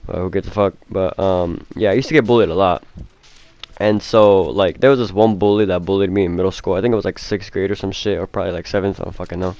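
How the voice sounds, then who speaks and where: A man's voice: sits low, fairly even intonation, fast talker, a little mellow. A young man telling a casual storytime, rambling with fillers and heavy swearing. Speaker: vlogger.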